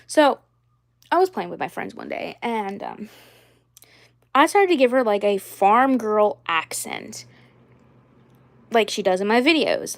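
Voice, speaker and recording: A woman's voice: fairly high pitch, animated, takes it slowly, pauses often. A young adult woman talking casually about her doll collection in a rambling, repetitive way with many fillers.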